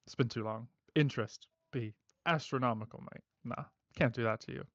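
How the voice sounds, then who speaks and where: A man's voice: medium pitch, brisk, dry recording, lo-fi sound, voice pushed down, close to an everyday voice. Man doing an Australian thug who keeps saying mate. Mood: menacing. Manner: calm threats, repeats "mate". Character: menacing male debt collector, a warlock.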